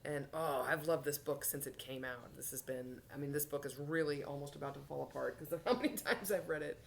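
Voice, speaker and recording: A woman's voice: deep voice, a little fast, gravelly, a little hiss or hum. A woman leading a toddler story time, talking playfully, singing bouncy verses and dropping into whispers. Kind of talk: children's sing-along and storytime.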